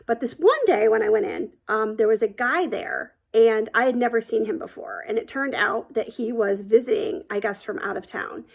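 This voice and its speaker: A middle-aged woman tells a story from her own life, loose and chatty, full of filler words. Her voice sits slightly high, with a gravelly fry running through it. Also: normal speed, few pauses. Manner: chatty, rambling, many ums and likes. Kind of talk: casual spoken storytelling.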